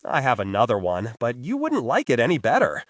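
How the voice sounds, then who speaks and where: A man voicing a cheerful male inventor with a thick Australian accent, speaking slowly and teasingly. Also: mid-range voice, huge pitch swings, no room sound.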